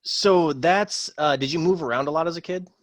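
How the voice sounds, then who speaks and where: Co-host, man, mid-pitched, rambling folksy talker, dry room. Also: moderate pace, no echo. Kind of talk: casual chat.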